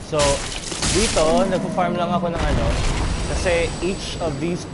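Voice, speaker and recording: A man's voice: on the high side, steady tone, moderate pace, very noisy. Chatty Filipino man streaming a game. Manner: chatty, switching between English and Tagalog, laughs often. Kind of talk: casual live-stream commentary.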